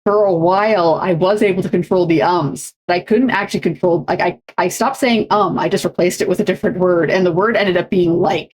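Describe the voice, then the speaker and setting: Woman, young adult, streamer, casual chat, slightly low voice, many fillers and restarts. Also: fairly even intonation, a little fast, hardly any pauses, darkish tone. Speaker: streamer and co-host.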